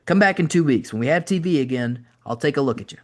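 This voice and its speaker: A man doing a veteran world champion wrestler who speaks in short, commanding lines. His voice is raised and sure of itself, and he talks quickly. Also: on the high side, animated, pitched above the performer's own voice, natural voice.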